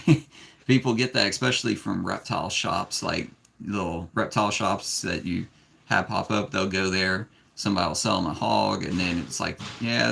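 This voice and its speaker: Gravelly-voiced man giving frank advice. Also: low-pitched. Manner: gentle, patient with his young son. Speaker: snake breeder hosting a live stream. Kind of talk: casual live stream talk.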